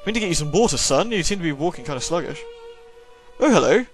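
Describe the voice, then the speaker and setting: A man's voice: on the high side, expressive, very fast, faint music behind. A man with a sore throat giving jokey, sarcastic commentary while playing a horror game. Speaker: let's play host. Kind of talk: gameplay commentary.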